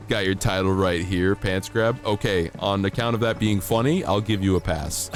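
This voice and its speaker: A man's voice: lowish voice, a little slow, faint music behind. A man streaming a game, chatting casually and playfully with his chat, teasing and mock-outraged, laughing often. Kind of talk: casual live-stream chat while gaming.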